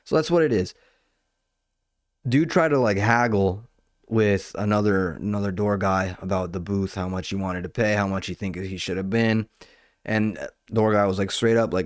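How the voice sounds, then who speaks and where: Man, young adult, podcast host, low pitch, dry sound, rambling profane storytelling. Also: moderate pace, no echo. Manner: profane, rambling, animated retelling. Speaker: nightclub door staff. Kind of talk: casual comedic storytelling. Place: home kitchen.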